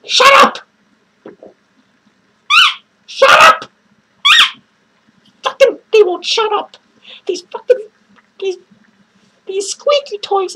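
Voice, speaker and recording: A man doing a shrill, foul-mouthed lonely clown lady. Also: slight background noise, rough recording. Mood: frantic. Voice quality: shrill falsetto. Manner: rambling, swearing, cackling between lines. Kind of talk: comedic horror-movie review skit.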